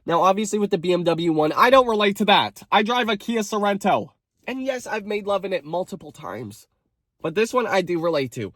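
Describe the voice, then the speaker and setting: A young man with a bright, high speaking voice runs a comedic storytime, reading viewers' stories aloud and breaking in with sassy asides and mock outrage. The recording is close and dry, with no room sound around him. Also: animated, brisk, no echo. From Canada. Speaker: storytime creator.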